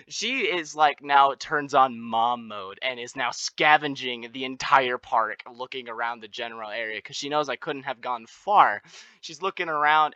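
A man's voice: medium pitch, bright, forceful tone, smooth, dry recording, dull audio. A man in his late teens casually telling a story as a podcast co-host, often laughing as he goes.

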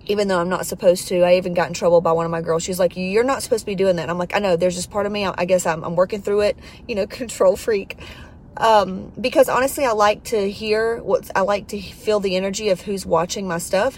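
A woman's voice: mid-range voice, slight background noise. A woman life coach in a podcast monologue, blunt, profane and preachy, pressing her points hard.

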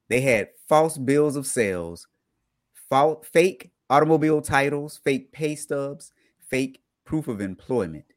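A man hosting a podcast in a lively, jokey way, reading out a news item and then breaking it down in plain words. His voice is mid-pitched and recorded close and dry, with no room sound. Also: no echo. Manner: animated, jokey, reads news items aloud then explains them. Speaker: podcast host. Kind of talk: casual podcast chat.

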